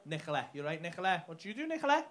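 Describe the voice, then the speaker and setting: Sweary comic ranting loudly. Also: male voice, a little high, sing-song, rapid-fire. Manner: sweary, mocking, ranting, laughs mid-line. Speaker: stand-up comedian doing crowd work. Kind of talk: live stand-up crowd work. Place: comedy club stage. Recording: live club recording with audible noise.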